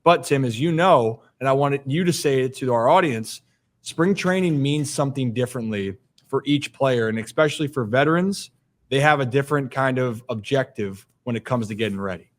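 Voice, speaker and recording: A man's voice: mid-range voice, moderate pace. Man hosting with winding questions. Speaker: show host. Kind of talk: casual interview.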